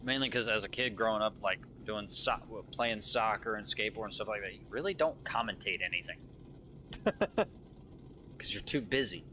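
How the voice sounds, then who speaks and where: This drift competition commentator speaks at normal speed in a lowish voice, with a little hiss or hum in the recording. Calling the action live from his booth, he's excitable, drops casual swears, and spikes upward on the big moments.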